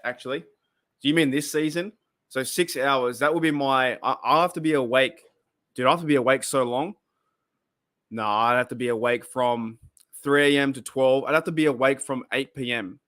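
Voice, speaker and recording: Aussie guy hosting a live stream, bright tone, reacting to chat comments and laughing. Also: medium pitch, normal speed. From Australia. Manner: chatty, exclaims and laughs at comments, repeats himself. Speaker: podcast host reading live chat.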